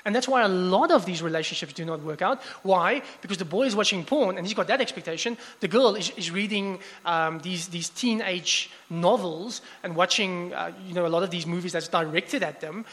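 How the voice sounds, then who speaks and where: A man preaching a sermon in a church hall, casual and conversational, often restarting his phrases. His voice sits high for a man, and the hall lends it a long, lingering reverb. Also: brisk, hardly any pauses. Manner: conversational, many restarts, animated asides.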